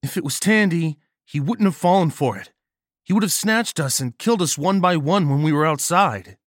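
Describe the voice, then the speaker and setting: A man putting on a bold young woman soldier, high and urgent. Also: expressive, normal speed, no echo, clean studio sound. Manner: whispery and teasing.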